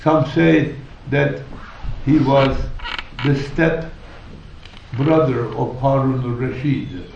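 A man preaching a sermon, telling stories in a measured, deliberate way with emphatic rises. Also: medium pitch, gravelly, a little mellow, slight background noise. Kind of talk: sermon storytelling. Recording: echoey hall, distant, dull.

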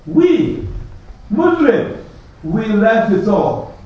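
A high-voiced man preaching a sermon, with very slow, deliberate pacing and a string of rhetorical questions. He sounds distant in a strongly echoing hall. The recording is dull and lo-fi. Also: animated, darkish tone. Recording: echoey hall, distant lo-fi mic.

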